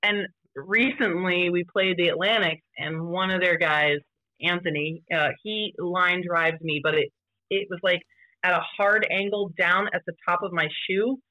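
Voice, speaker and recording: Woman, casual storytelling, animated, bright voice, dry close sound. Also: measured pace, no echo, poor audio. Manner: animated, voice jumps high when quoting others. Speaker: podcast guest, vintage baseball player and singer.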